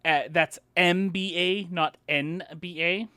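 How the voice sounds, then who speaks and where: A man's voice: high voice, fairly even intonation, slow, bright, forceful tone, clean tone, dry recording, clean studio sound. A man co-hosting a casual gaming podcast in a playful, joking manner. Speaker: podcast co-host. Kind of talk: casual chat.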